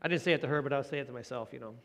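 A man's voice: medium pitch, racing, fairly bright tone. A man preaching a conversational sermon as a pastor. He talks in a folksy way, asks the listeners questions and adds light joking asides.

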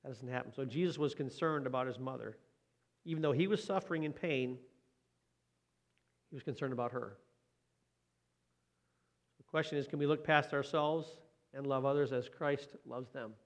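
A man's voice: medium pitch, moderate pace, long pauses. A man preaching a sermon in a conversational way, often asking his listeners questions. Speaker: pastor.

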